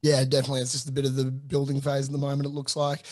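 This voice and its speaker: A man's voice: medium pitch, monotone, rapid-fire, darkish tone, dry recording. A young Australian man hosting a podcast, chatting casually with a mate, swearing freely and dropping lots of fillers. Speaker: podcast host.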